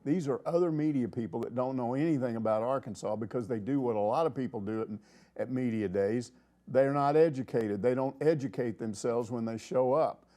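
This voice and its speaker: A man's voice: medium pitch, fairly quick, warm tone. A middle-aged man hosting a casual sports talk show, rambling and opinionated. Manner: rambling, opinionated, acts out quoted people.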